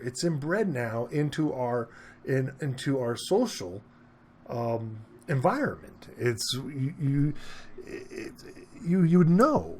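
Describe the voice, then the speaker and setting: A man of ordinary pitch rambles through a casual monologue aimed at his viewers. He restarts his sentences, keeps tossing in "okay?", and his voice jumps higher whenever he gets excited. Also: slow pace. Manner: rambling, repeats himself, keeps asking "okay?"; animated, pitch jumps up when he gets worked up. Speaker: vlogger. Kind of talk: casual opinion monologue to camera.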